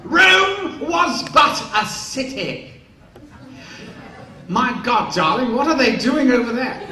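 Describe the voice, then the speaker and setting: A man imitating a drunken, flamboyant older male actor who drawls and exclaims loudly, in an echoey hall. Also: very high-pitched, sing-song, takes it slowly, creaky, pitched above the performer's own voice, heavily acted. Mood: astonished. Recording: echoey hall, distant mic, faint noise.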